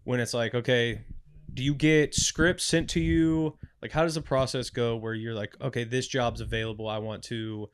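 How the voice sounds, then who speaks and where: A man's voice: mid-range voice, fairly even intonation, normal speed, a little hiss or hum. A man co-hosting a podcast, asking long, supportive questions in casual conversation. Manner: supportive interviewer, wordy questions. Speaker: podcast co-host.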